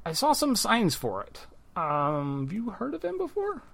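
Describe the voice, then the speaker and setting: Tiny sooty gnome tinkerer, fussy and squeaky, voiced by a man. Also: huge pitch swings, a little slow, gravelly, fairly bright tone, heavily acted. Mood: curious.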